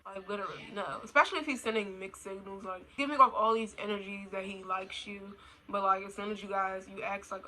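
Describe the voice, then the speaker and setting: Her voice is medium-pitched, brisk, pushed and bright, with fairly even intonation, on a low-quality recording carrying a little hiss or hum. The young adult vlogger rants casually, bluntly and profanely in slang, emphatically repeating herself.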